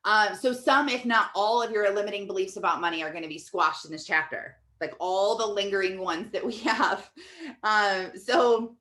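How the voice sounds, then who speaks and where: A woman in her thirties coaching in a chatty, casual teaching talk, animated storytelling full of fillers. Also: mid-range voice, moderate pace. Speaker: life coach.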